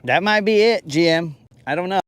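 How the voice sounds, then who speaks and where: A man's voice: sits high, normal speed, fairly bright tone, clear, resonant tone, no echo. A man hosting a fishing podcast, ranting jokingly and rambling in a casual livestream, keeps calling his listeners bro. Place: boat on a lake, outdoors.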